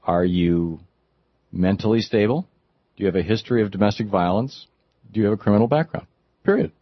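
A man hosting a radio talk show, giving animated, conversational commentary with frequent restarts from a broadcast studio. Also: lowish voice, a little fast, no room sound. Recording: dull, dry studio broadcast.

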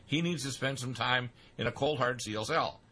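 A man in a played clip voicing strong opinions in a halting, stumbling way. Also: mid-range voice, pushed and bright. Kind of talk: opinion talk.

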